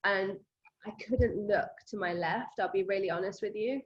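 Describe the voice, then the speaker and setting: A woman who is a running coach and podcast host tells emotional stories conversationally, animated and quoting herself in lively bursts. Her mid-range voice moves at normal speed, on slightly muffled, dull lo-fi audio.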